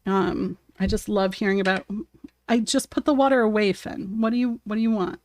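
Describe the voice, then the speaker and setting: A woman's voice: medium pitch, fairly quick. A woman chatting casually on a live art stream while she paints at her home desk, talking to her cat and viewers and laughing often.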